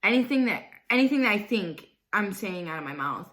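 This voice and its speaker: A woman's voice: medium pitch, expressive, fairly quick, fairly bright tone. A young woman telling a personal story to her vlog audience, blunt and outspoken, swearing freely and saying "like" constantly. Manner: fills speech with "like", swears freely. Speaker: vlogger. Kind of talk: casual storytime.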